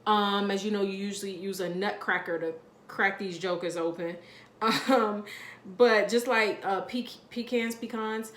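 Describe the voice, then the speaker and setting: A woman's voice: mid-range voice, steady tone, a little slow, fairly bright tone. Woman doing a tarot pick a card reading, rambly and chatty, medium voice, echoey room. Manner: chatty, rambling, frequent fillers and laughs.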